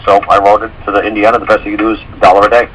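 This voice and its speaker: A man's voice: lowish voice, level tone, very fast, a bit bright, slight background noise, rough recording. A man talking casually on a radio show, rambling through stories, acting out quotes and swearing freely. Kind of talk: casual call-in radio talk.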